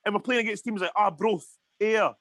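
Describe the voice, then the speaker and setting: Man, Scottish accent, heated ranting, podcast chat, slightly high pitch. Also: a little fast, a bit bright, no echo. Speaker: podcast co-host. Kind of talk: casual chat.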